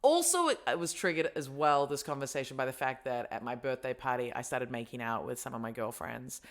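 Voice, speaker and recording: A woman's voice: a bass voice, lively intonation, fairly quick. A woman hosting a podcast, talking frankly and supportively, laughing along. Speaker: podcast host. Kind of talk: casual chat.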